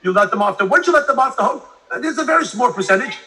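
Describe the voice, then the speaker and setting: A man's voice: very high voice, lively intonation, quick pace, background noise. A man coaching a live online audience on sales closing, emphatic and repetitive, tagging points with "right?" and answering viewer comments as he goes. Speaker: sales trainer.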